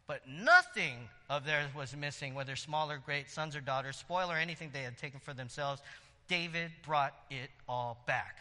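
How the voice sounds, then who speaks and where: A man who serves as a church elder, preaching a sermon in a casual, lively way, with asides and jokes between readings. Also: fairly high pitch, moderate pace, big-room sound.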